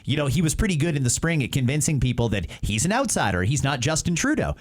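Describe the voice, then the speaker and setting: Animated Canadian male talk host. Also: fairly high pitch, fast. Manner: passionate, emphatic political commentary. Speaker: show host. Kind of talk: opinionated talk show discussion.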